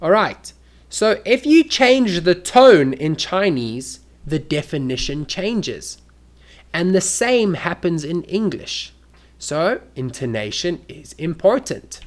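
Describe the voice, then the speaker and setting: A teacher explaining English to learners, speaking slowly and deliberately. The pitch rises and falls widely, and spoken examples are acted out with big contrasts. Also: sing-song.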